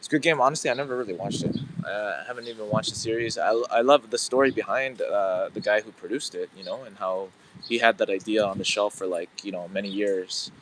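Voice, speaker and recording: A man's voice: fairly low pitch, a little fast, noisy background. A man in his thirties hosting a casual live stream outdoors, rambling with lots of fillers as he talks to viewers. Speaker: livestream host. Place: outdoors, about to head into work.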